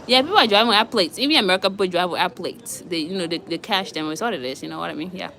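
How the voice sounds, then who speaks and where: A woman telling a story in casual talk, acting out both sides of an exchange in lively bursts. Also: fairly low pitch, rapid-fire. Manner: animated, acts out both sides of a traffic stop in Liberian English.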